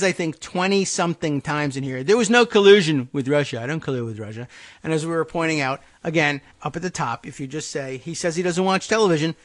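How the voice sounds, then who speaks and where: Man, podcast host, sarcastic, exasperated, slightly higher voice, casual political monologue. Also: a bit bright. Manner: sarcastic, exasperated, mocking quotes in asides.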